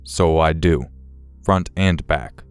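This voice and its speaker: Man, horror story narration, deep voice, dry close sound, steady pacing. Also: slow, clear, resonant tone, no echo, soft background music.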